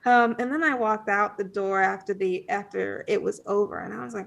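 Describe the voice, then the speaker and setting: A woman guest on a podcast telling a personal story in a casual, animated way, full of fillers and acted-out thoughts. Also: medium pitch, moderate pace, gravelly, hardly any pauses. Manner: animated, many fillers, acts out her own past thoughts.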